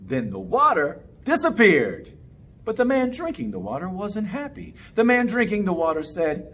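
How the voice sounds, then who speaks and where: A man telling a children's story in a playful, animated way, inviting the kids to join in. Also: sits high, moderate pace. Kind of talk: interactive children's story time.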